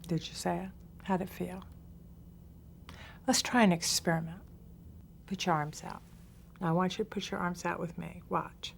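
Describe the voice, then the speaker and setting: A woman's voice: on the low side, fairly even intonation, normal speed, creaky, long pauses, slight background noise. A woman therapist teaching a coping skills lesson, speaking directly and coaching her listeners. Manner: direct and coaching, acts out quoted self-talk.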